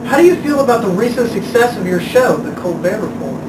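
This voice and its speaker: A young man hosts a student comedy video blog in an earnest, mock-newsreader manner. He sounds echoey, picked up from across a room. Steady noise runs under his voice. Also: high-pitched, brisk. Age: young adult. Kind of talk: scripted comedy chat. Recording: echoey room from far off, noisy.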